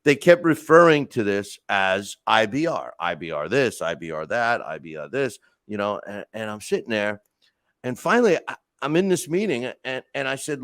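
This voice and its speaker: A man hosting a podcast, talking through casual stories and rants in an animated way with lots of restarts. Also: lowish voice, moderate pace, dry recording. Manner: animated storytelling, frequent restarts and asides. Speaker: podcast host. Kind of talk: casual monologue.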